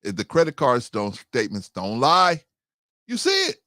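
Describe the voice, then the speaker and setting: A man's voice: mid-range voice, moderate pace, no room sound, clean studio sound. A man hosting a casual talk show, reacting and asking questions. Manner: lively, questioning, reacts with short interjections. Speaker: podcast host. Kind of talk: casual chat.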